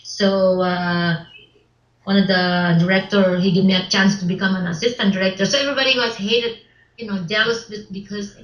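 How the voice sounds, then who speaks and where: A woman being interviewed about her film work, speaking haltingly with many restarts and broken grammar. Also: mid-range voice, steady tone. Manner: halting, repeats words, non-native English grammar. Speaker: interview guest, filmmaker. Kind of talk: casual interview. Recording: roomy, dull lo-fi sound.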